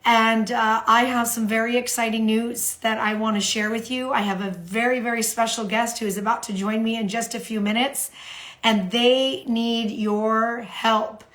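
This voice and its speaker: A woman from the United States hosting a live social media stream, animated and repeating phrases for emphasis. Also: fairly high pitch, normal speed.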